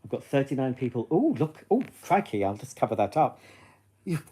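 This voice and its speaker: Casual male streamer, mellow voice, gossipy and teasing, talking straight to his viewers. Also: mid-range voice, sing-song, fairly quick, husky. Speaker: livestream host. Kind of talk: casual live-stream chat.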